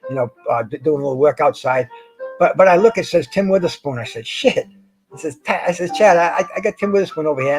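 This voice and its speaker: A man's voice: high-pitched, poor audio. A middle-aged man hosting a boxing show, chatting casually, stammering and repeating words, full of slang. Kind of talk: casual solo chat.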